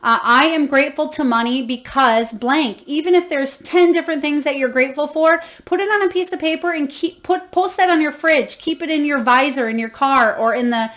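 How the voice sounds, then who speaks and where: A tarot reader gives a card reading to viewers, effusive and encouraging, reading guidebook passages aloud and exclaiming with emotion. Her voice is high and a bit bright, and she talks briskly with hardly any pauses.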